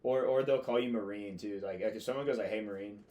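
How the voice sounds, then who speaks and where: A man's voice: on the low side, quick pace, mellow. A young man in his twenties, a podcast guest, telling casual stories with lots of fillers and swearing. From United States. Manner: rambling, filler-heavy, swears freely. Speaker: podcast guest, Marine officer. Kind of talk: casual storytelling chat.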